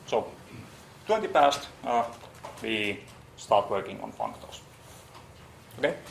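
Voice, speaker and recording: Gravelly man giving a live coding lecture. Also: mid-range voice, big pitch swings, slow pace, a little hiss or hum. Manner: thinking aloud with many fillers and restarts.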